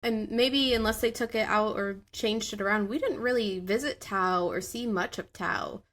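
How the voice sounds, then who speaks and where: A woman's voice: medium pitch, moderate pace, fairly bright tone. A woman hosting a gaming podcast, upbeat and leading the casual chat. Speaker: podcast host.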